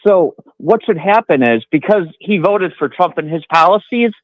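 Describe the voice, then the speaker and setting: A man's voice: sits high, lively intonation, moderate pace, dry recording, dull audio. A man calling in to a talk show, hesitant with lots of fillers, getting worked up. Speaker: caller. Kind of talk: call-in conversation.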